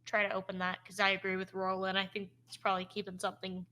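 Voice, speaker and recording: Bright-voiced woman player. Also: mid-range voice, completely flat delivery, fast talker. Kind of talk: casual tabletop game chat.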